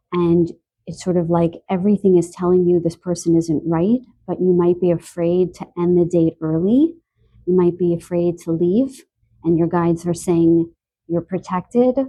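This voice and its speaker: Husky, dark-voiced stuffy woman reading cards. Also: lowish voice. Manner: soft, earnest, emotional about animals. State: stuffy from allergies, clearing throat. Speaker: tarot card reader. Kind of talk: spoken pick-a-card reading to camera.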